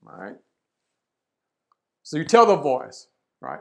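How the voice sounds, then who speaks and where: A man's voice: a little high, sing-song, unhurried, vocal fry, pauses often. Man telling a motivational parable. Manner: storytelling, acts out voices, frequent "right?". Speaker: leadership speaker. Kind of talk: motivational webinar talk with parable.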